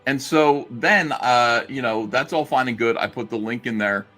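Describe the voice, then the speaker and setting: A man's voice: mid-range voice, normal speed, bright, forceful tone, faint music behind. A man on a livestream telling a story in a rambling, sarcastic way and acting out the lines he quotes. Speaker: streamer recounting a story.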